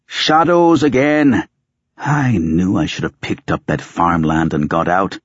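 A man's voice: sits low, very animated, moderate pace, husky, no room sound, dull audio, full character voice. A man voicing a cranky, sardonic ancient male wizard who grumbles in a coarse, raised voice. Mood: grumbling.

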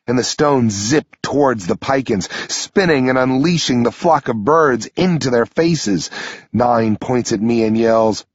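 Male audiobook narrator, husky tone, dry and slightly muffled recording. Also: no echo. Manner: steady storytelling delivery, pushing up in pitch for shouted dialogue. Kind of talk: scripted first-person narration.

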